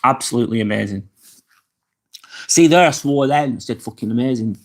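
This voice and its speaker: Frank, relaxed man chatting live. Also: medium pitch, normal speed. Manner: frank, relaxed, swears freely, chuckles at comments. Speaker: live vlog host. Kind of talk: casual live-stream chat reading comments. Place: apartment indoors.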